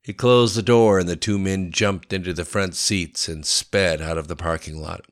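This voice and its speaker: A man narrating a story in a steady, matter-of-fact reading voice. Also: deep voice, moderate pace.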